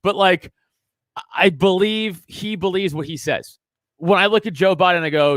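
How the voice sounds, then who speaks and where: Comedian guy on a podcast, high voice, swearing a lot and ranting, dry close mic. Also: normal speed, a bit bright, no room sound. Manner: emphatic, profane ranting. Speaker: comedian guest. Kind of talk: casual podcast chat.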